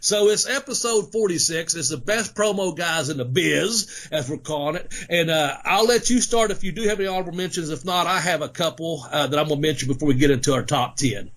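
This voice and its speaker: A man hosting a wrestling podcast, talking loosely and excitedly, swearing and laughing as he chats. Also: on the high side, brisk, few pauses. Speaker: podcast host, former pro wrestler. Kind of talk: casual podcast chat.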